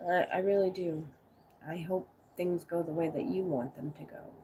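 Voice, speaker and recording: An American woman in her forties chats casually on a live stream, rambling through stories and responding to viewers' comments. Her voice is mellow and on the low side, with fairly even intonation, normal speed, and a slight hiss or hum in the audio.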